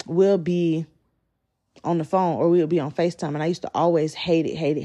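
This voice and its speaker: A woman's voice: low-pitched, dark tone. A woman, telling a candid, profane story and acting out quotes. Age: 20s. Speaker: storyteller vlogger. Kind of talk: casual storytime.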